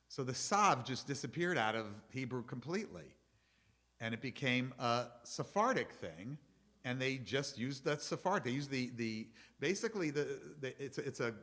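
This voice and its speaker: A man's voice: medium pitch, pushed and bright. A middle-aged man, a rabbi, giving a chatty, explanatory lecture to his congregation and taking questions from the audience.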